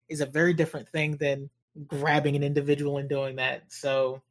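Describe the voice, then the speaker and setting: A woman's voice: low-pitched, flat delivery, fairly quick, few pauses. A woman co-hosting a casual book discussion podcast, retelling scenes with quoted dialogue. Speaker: podcast co-host.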